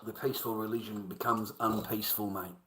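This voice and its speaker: Over background noise, an Australian man on a live stream talks fairly quickly in a low, fairly even voice. He's crude, slangy and confrontational, rambling and frequently fading into mumbles.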